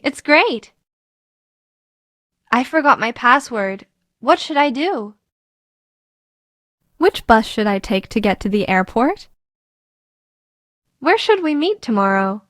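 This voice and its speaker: High-voiced woman reading sentences slowly. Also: a bit bright, no echo, clean studio sound. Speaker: English sentence reader. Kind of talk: slow scripted sentence reading.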